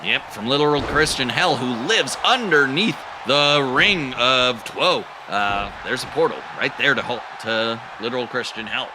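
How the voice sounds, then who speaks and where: A man's voice: mid-range voice, unhurried, hardly any pauses, background noise. A man doing goofy play-by-play wrestling commentary, cracking silly jokes between calls. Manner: goofy, silly jokes, bursts into excited shouting.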